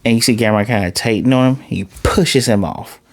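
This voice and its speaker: A man giving a casual, excitable episode recap and review, jumping into different voices for the characters. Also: medium pitch, a little fast, no room sound. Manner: excitable, acts out characters' lines in shifting voices. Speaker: anime reviewer.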